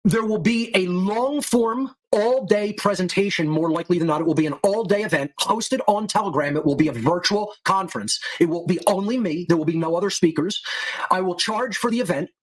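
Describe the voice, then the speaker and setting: A man's voice: high voice, a little fast, poor audio. A man delivering a monologue lecture from his podcast, emphatic and turning to contemptuous insults. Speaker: podcast host.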